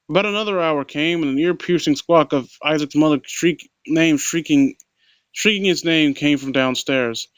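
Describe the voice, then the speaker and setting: A man's voice: fairly high pitch, no room sound. A man reading a horror story aloud at a close home mic, stumbling and restarting, with sarcastic critical asides. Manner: stumbling, frequent restarts and mockery. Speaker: narrator and critic.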